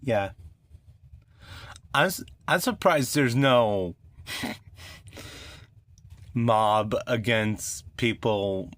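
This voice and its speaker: Slow-talking man ranting about music. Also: medium pitch, a bit bright, no echo. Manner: rambling, opinionated, filler-heavy. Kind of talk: casual opinion vlog.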